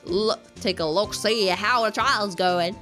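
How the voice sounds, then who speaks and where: A woman's voice: mid-range voice, slow, a bit bright, soft background music. A woman voicing a laid-back male cowboy detective with a put-on Western drawl, reading game dialogue aloud. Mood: folksy. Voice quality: drawling, folksy.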